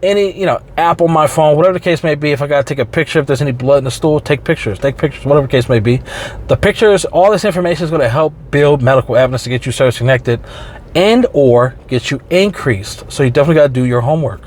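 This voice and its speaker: A man's voice: fairly high pitch, fast talker. Slangy man explaining veterans' benefits. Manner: slangy, joking asides, talks straight to viewers. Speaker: veterans benefits video host. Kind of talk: casual explainer talk.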